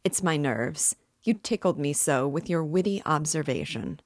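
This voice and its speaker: A woman's voice: low-pitched, lively intonation, normal speed, no room sound, clean studio sound. A woman voicing a sly, fussy, jovial middle-aged male police investigator in an audiobook reading. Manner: fussy, cajoling, laughing.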